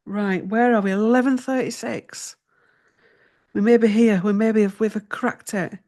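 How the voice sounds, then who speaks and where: A woman on her tarot channel discusses her research casually but flustered, cursing and muttering to herself. She speaks a little slowly in a mid-range, fairly even, slightly mellow voice.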